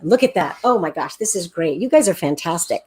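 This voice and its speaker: A woman with a lowish, slightly husky voice teaches an online class over a video call, sharing her screen. She talks a little fast with lively intonation, enthusiastic and encouraging as she counts aloud and taps out rhythms.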